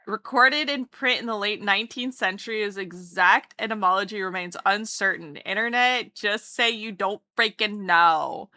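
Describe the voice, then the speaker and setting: Bright, chatty woman streamer. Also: medium pitch, moderate pace, hardly any pauses, no echo, clean studio sound. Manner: chatty, rambling and playful, greets chat warmly. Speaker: streamer and artist. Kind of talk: casual livestream chat while drawing.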